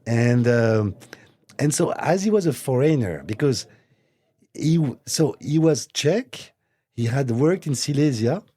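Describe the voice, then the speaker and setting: Guy guesting on a chat show, mellow husky tone, stops and restarts a lot. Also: medium pitch, lively intonation. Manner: hesitant, halting, repeats words. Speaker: watch brand executive, guest. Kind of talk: casual interview. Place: recording studio.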